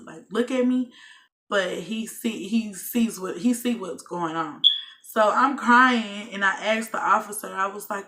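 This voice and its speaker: Young woman, bright voice, animated storytime vlog. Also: mid-range voice. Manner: animated storytelling, acts out her own and others' lines. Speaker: vlogger. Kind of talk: storytime vlog, casual retelling.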